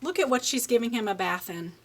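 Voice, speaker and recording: A woman giving a children's speech lesson, reading a picture book aloud and slowly modeling words for a young child to repeat. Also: on the high side, expressive. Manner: slow, encouraging, exaggerates word sounds for a child. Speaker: speech therapist.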